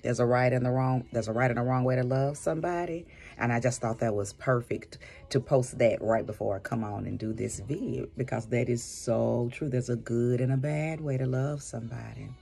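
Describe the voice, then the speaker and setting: A woman's voice: extremely low pitch, moderate pace, vocal fry, mellow. A woman who does spiritual readings, giving an emphatic advice monologue and repeating phrases for stress. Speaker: spiritual reader and vlogger.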